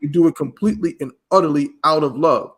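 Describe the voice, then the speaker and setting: A man hosting a podcast speaks in with a slightly raised pitch. He talks slowly and with emphasis, steering the conversation. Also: slightly rough. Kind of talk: casual podcast talk.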